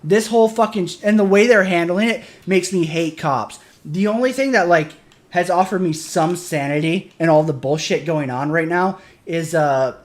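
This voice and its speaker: A man's voice: sits high, moderate pace. A man, a military veteran, chatting casually on a stream and ranting with lots of profanity. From Michigan. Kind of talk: casual chat.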